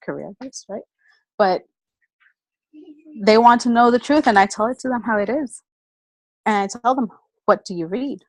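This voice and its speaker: A woman giving a personal motivational talk in an energetic, chatty storytelling manner. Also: a little high, normal speed, pauses often, no echo, poor audio. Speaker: motivational speaker.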